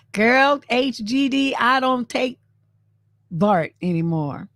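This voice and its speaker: Chatty, laughing woman with a high voice. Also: slow, dry recording, clean studio sound. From San Francisco, USA. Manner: chatty and animated, often laughing, acting out quoted lines. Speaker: live-stream host. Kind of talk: casual commentary on memes.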